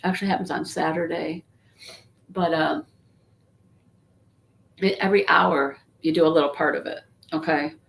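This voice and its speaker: A woman's voice: low-pitched, steady tone, moderate pace, vocal fry, long pauses, a bit bright. A woman chatting casually to viewers on a live stream, rambling and greeting people by name, while congested from a sinus infection. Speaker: YouTube livestream host.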